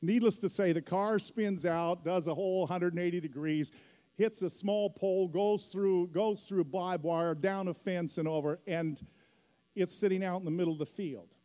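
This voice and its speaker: A middle-aged pastor preaches a sermon in a church hall, telling a story and building to emphatic peaks. His voice is high and warm, at a moderate pace. A long hall reverb fills the recording.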